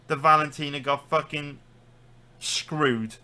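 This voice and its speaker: A British-accented man holding forth on a live stream, his voice bright and forceful as he rants and swears heatedly. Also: medium pitch, normal speed. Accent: British English. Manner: heated, profane ranting. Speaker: sports betting streamer.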